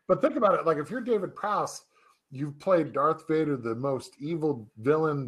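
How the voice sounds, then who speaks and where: A man in casual podcast chat, telling a story with energy and acting out the quotes in other voices. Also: on the high side.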